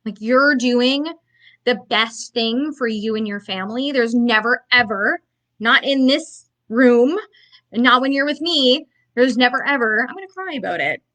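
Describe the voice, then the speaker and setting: A young woman coaching business owners in a motivational talk, with a voice sitting a little high. She speaks bluntly and emphatically, in a loose conversational way with plenty of fillers. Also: a little slow, fairly bright tone.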